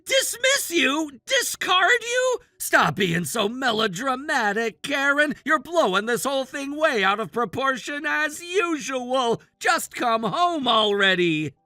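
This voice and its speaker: A man's voice: very high-pitched, expressive, unhurried, few pauses, sharp tone, no room sound, studio quality, exaggerated voice. A man voicing an exasperated middle-aged husband in a dramatized text-story reading, impatient and scolding.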